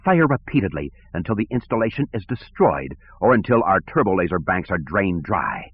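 A man's voice: sits low, very animated, normal speed, breathy edge, exaggerated voice. A man voicing a rigid, ruthless female admiral who gives curt commands, on a tinny recording. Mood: commanding. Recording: tinny phone-like sound.

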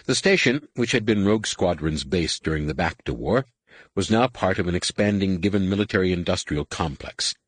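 A man narrating an audiobook with an expressive, varied delivery. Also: low voice, normal speed, no room sound. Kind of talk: scripted narration.

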